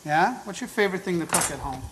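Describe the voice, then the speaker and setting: This cooking-show host talks fast with a high-pitched, fairly bright voice and lively intonation, though the audio is poor. Standing at the stove in a show kitchen, he gives upbeat, chatty step-by-step instructions, teasing and encouraging throughout.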